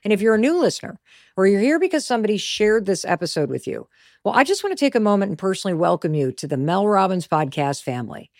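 Animated woman hosting a motivational podcast. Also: medium pitch, fast, no room sound, clean studio sound. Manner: emphatic, animated storytelling with stressed key words. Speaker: podcast host.

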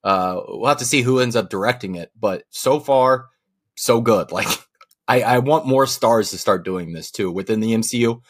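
A man's voice: medium pitch, normal speed. A man co-hosting a casual movie podcast, talking enthusiastically and laughing between points. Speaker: podcast co-host.

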